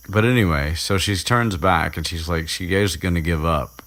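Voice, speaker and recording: A young man with a strikingly deep, low voice recaps a story as a podcast host. He rambles loosely, chuckling and swearing freely as he goes. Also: normal speed, hardly any pauses, a bit bright. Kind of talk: casual chapter recap.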